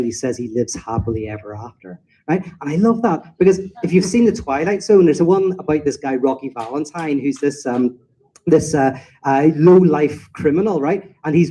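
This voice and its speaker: A man's voice: on the high side, warm tone, slightly rough, rough recording. A man answering audience questions in an informal talk, rambling and acting out quoted voices as he tells stories. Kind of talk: informal lecture Q&A.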